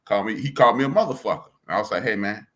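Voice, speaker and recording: A man with a Chicago accent, a podcast co-host telling a story in a slangy, blunt, animated way. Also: lowish voice, rapid-fire. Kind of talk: casual chat, storytelling.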